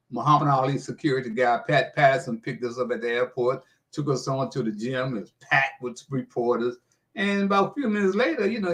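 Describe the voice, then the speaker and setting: A man's voice: on the high side, fairly bright tone. An older American man, a sports radio personality, telling a folksy story and acting out the quotes, saying "man" often. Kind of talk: animated storytelling.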